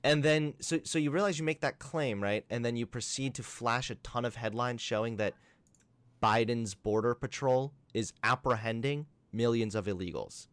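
A man's voice: medium pitch, moderate pace, fairly bright tone, dry recording. A young man doing sarcastic, combative reaction commentary and arguing with a caller. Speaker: commentary streamer. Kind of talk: reaction commentary and phone debate.

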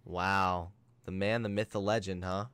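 A man's voice: sits low, steady tone, measured pace, a bit bright, clean tone, no room sound. A young man doing sarcastic, combative reaction commentary and arguing with a caller. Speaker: commentary streamer. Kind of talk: reaction commentary and phone debate.

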